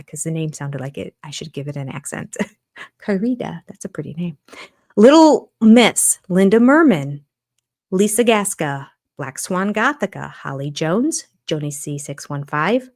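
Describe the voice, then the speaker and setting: Older woman, slightly low voice, hosting a chatty livestream and reacting to comments as she goes. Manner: chatty, reacts aloud while reading comments and names. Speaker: channel host. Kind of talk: casual livestream chat.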